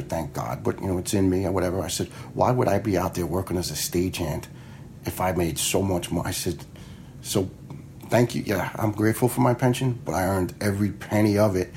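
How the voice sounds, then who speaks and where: This man has a deep, darkish voice. He's a retired fire lieutenant from around New York, casually telling his own stories with frank bluntness, cursing freely and performing the dialogue he repeats.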